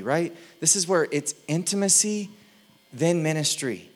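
A male pastor delivering a sermon in an easy, conversational voice. His delivery is animated and keeps the mood light. He slips into playful little impressions now and then. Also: a little high, unhurried.

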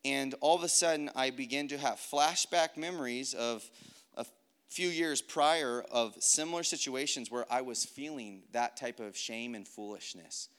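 A man's voice: mid-range voice, normal speed, fairly bright tone, clean tone. Guy telling his faith story, super casual, says like a lot, earnest and reflective. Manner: casual and conversational, heavy use of "like". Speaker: speaker sharing a faith story. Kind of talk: personal testimony.

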